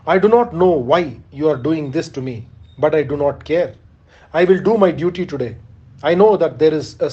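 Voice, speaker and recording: A man's voice: fairly high pitch, mellow, dull audio. A man reading as a bitter doomed warrior. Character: proud doomed male warrior, bitter and resigned. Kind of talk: reading an epic aloud.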